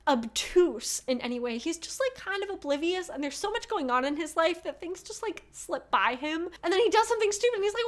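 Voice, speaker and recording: A young woman in her twenties chatting casually as a book vlogger, gushing and animated, laughing often and swearing freely. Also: very high voice. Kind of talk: casual book review chat.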